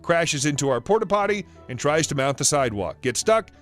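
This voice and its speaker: Brief: male narrator, slightly high voice, wry and sarcastic storytelling. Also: lively intonation, brisk, a bit bright, faint music behind. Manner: wry, amused, dryly sarcastic.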